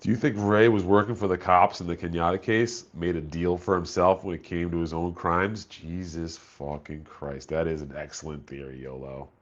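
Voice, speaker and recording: A man's voice: low voice, steady tone, normal speed, few pauses, muffled recording. A man chatting casually on a live stream, laid-back and profane, reading chat messages aloud.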